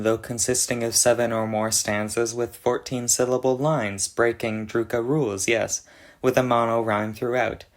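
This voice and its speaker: A man giving a methodical, scripted explanation of an invented language, going through worked examples step by step. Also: mid-range voice. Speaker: conlang presenter.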